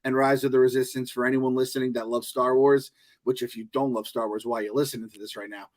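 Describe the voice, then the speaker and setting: A man's voice: mid-range voice, little pitch movement, fast talker. A man co-hosting a podcast, telling rambling, profane stories in casual chat. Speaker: podcast co-host.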